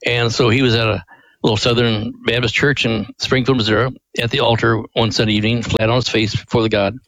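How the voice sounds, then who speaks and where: Older man, gravelly, dry close mic, earnest radio guest storyteller. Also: mid-range voice, fairly quick, no room sound, low-quality recording. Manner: earnest, animated retelling. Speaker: ministry president, guest.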